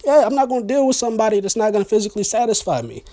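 A man's voice: high voice, big pitch swings, rapid-fire, warm tone. A man hosting a podcast in casual chat, teasing and laughing often as he talks, with in his speech. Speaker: podcast host.

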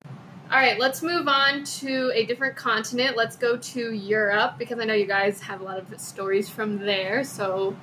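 A woman's voice: a little high, fairly even intonation, normal speed, pushed and bright, a little hiss or hum, rough recording. Curious woman hosting a casual chat. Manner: curious, prompting questions. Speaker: podcast host.

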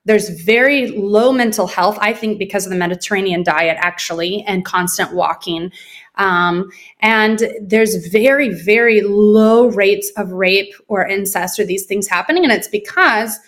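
A woman guest in a casual interview, telling stories in an animated way and acting out quoted dialogue. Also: mid-range voice, unhurried.

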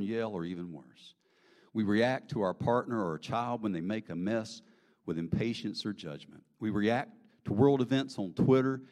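A man with a Southern US accent preaching a sermon, folksy and conversational, swinging from loud emphasis to hushed whispers and asking the crowd questions. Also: fairly low pitch. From American South. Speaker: pastor.

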